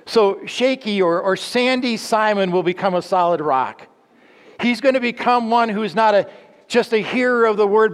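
A man delivers an earnest teaching sermon, posing rhetorical questions and sometimes stumbling to restart a phrase. His voice sits a little high for a man. The sound carries a long hall reverb around it. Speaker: preacher.

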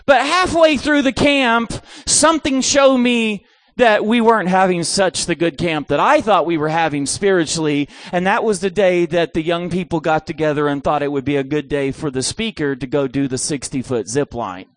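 A middle-aged man preaching a sermon, telling a comic story with animated delivery. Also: a little high, normal speed, hardly any pauses, dry recording, clean studio sound.

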